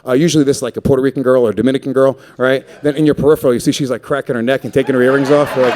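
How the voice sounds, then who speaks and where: On a comedy stage before a live audience, a man in his thirties delivers a brash, profane stand-up set with crowd work into a stage mic. His voice is a little high, rapid-fire with hardly any pauses, and the recording is very noisy with live crowd laughter.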